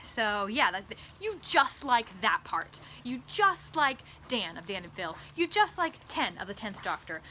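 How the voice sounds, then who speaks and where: A woman vlogging in a comedic monologue, rambling and tripping over repeated words, swinging between loud bursts and hushed asides. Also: fairly high pitch, big pitch swings, a little slow, few pauses, a little hiss or hum. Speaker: author vlogger.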